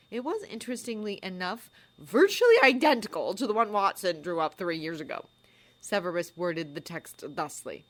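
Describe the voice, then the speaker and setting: A woman narrating a fan story aloud in a measured storytelling manner. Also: on the low side. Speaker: fanfiction narrator. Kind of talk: audiobook narration.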